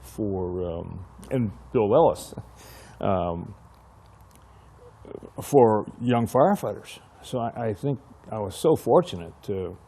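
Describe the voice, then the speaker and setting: A low, mellow-voiced older man reminisces in an oral history interview. He's a retired fire chief who tells his career stories at an easy pace. He acts out the old conversations as he recalls them. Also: slightly rough. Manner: reminiscing storyteller who acts out remembered dialogue.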